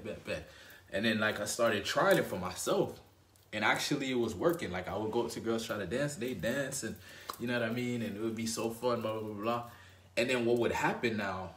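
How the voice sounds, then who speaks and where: A dating advice host with a fairly low but fairly bright voice rambles casually through a personal story, frequently asking "right?" and "you know what I mean." He's far from the mic, and the room echoes.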